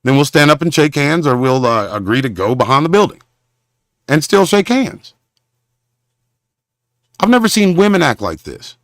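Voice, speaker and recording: Man, fairly high pitch, dry close sound, rambling confrontational rant, halting, preachy. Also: big pitch swings, fairly bright tone, no room sound. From Southern Oklahoma. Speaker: show host.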